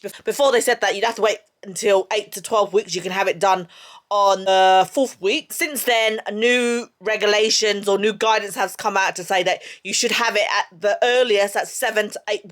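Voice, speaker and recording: A woman's voice: mid-range voice, fairly bright tone. A woman, vlogging in a casual, chatty and confiding way while holding the camera. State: out of breath. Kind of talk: casual vlog chat. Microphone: handheld camera.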